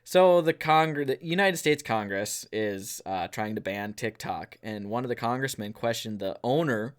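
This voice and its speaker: A man's voice: medium pitch, expressive, unhurried. A man co-hosting an outdoors podcast, chatting casually, jokey and rambling off on tangents. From northern US. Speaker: podcast co-host. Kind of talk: casual chat.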